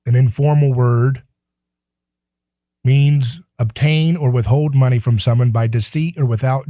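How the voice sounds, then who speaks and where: A man's voice: medium pitch, dark tone, dry recording. A man hosting a political talk radio show, delivering a sarcastic, indignant monologue.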